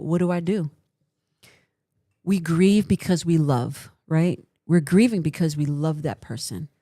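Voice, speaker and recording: Low, mellow-voiced woman giving advice. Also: no echo, clean studio sound. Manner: earnest, encouraging, often asks "right?". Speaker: livestream host and counselor. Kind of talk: casual advice talk answering chat.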